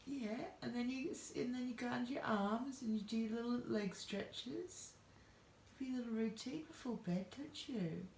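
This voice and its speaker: A woman's voice: fairly high pitch, moderate pace, creaky, recorded from a distance. A woman from Australia talking in a coaxing, affectionate way to her pet parrot. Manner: coaxing, affectionate baby-talk to a bird. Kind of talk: casual talk to a pet. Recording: echoey room, voice from off-mic, noisy.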